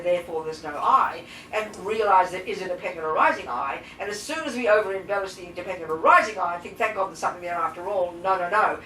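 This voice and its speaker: A woman teaching as a Buddhist nun to a live class, blunt and lively, firing rhetorical questions at her listeners. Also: medium pitch. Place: teaching room with audience. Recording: roomy echo, distant mic, faint hiss.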